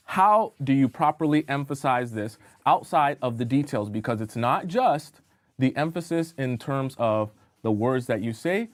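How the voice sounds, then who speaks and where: A man coaching a live-streamed lesson with a voice of ordinary middle pitch. He talks straight to his chat, often checking in with a quick "okay?". He tends to stumble and repeat himself as he sketches. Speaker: dating coach.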